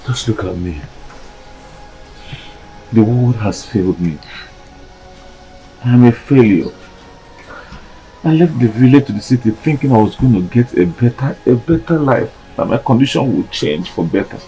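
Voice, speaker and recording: A man's voice: mid-range voice, lively intonation, normal speed, pauses often, mellow, soft background music, lightly acted. Despairing poor husband played by a man. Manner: lamenting, pleading. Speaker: gateman and husband.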